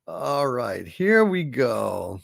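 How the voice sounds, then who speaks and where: A man's voice: mid-range voice, drawn-out words, creaky, no room sound, studio quality. A man hosting a casual live stream, telling jokes and reading viewer messages aloud. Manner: animated, reads viewer messages and tells jokes. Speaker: livestream host.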